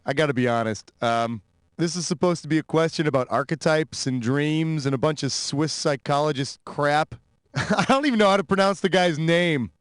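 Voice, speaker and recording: A man's voice: fairly high pitch, normal speed, clean tone. A man hosting a quiz game in a scripted, wisecracking, sarcastic style. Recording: loud music under the voice.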